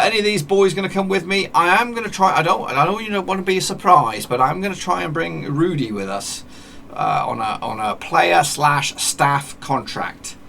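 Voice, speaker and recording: With a fairly high, gravelly, sharp-toned voice, a gaming YouTuber plays a football management game, narrating matches commentator-style in a casual chat and often correcting himself. Slight background noise is present.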